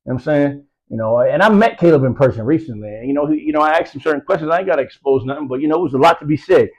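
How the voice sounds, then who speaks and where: Fast-talking man rambling about boxing. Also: fairly high pitch, rough recording. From US East Coast. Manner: rambling, heavy filler phrases, slang. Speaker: boxing news vlogger. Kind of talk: casual boxing commentary.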